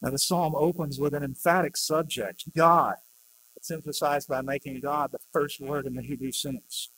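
A man's voice: a little high, steady tone, moderate pace, background noise. A man preaching a sermon, plainly explaining scripture and reading it aloud with rising emphasis.

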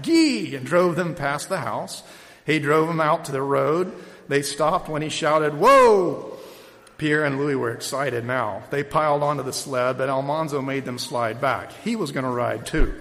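A man preaching a sermon who reads a story aloud with lively, shouted calls, then talks plainly with fillers. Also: mid-range voice. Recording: long reverb of a large hall.

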